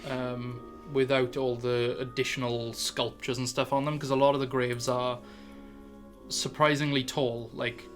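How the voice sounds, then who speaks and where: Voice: medium pitch, level tone, a little slow, soft background music. A dungeon master narrating a tabletop game in a loose, chatty way full of fillers.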